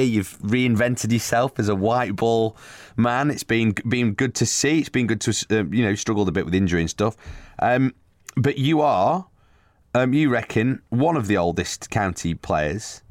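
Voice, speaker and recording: A man's voice: medium pitch, dry recording, studio quality. A man hosting a podcast, chatting casually about cricket and laughing easily. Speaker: podcast host.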